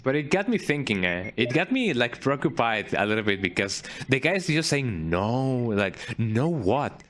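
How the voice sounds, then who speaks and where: Streaming gameplay, a man rambles through casual commentary, often restarting sentences and ending them with "eh?". His mid-range, fairly bright voice swings widely in pitch at a brisk pace, with a little hiss or hum.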